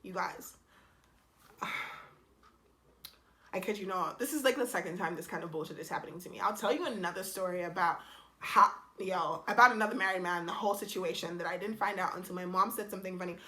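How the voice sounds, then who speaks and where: A young woman vlogger telling a casual storytime, animated and exasperated, blunt and quick to swear. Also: fairly low pitch.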